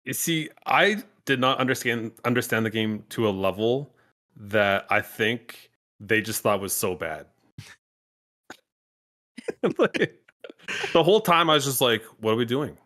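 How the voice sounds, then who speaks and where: A man's voice: medium pitch, animated, measured pace, long pauses, pushed and bright. A man appearing as a guest on a podcast, self-deprecating and laughing often. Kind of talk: casual podcast chat.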